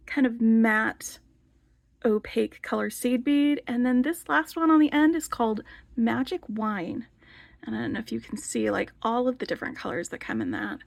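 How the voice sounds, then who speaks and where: A chatty, enthusiastic woman hosts a casual show-and-tell vlog, her fairly high voice carrying a gravelly fry. She leans on filler words as she talks. The sound is dry and close, with little room around it. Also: no room sound. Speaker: beading channel host.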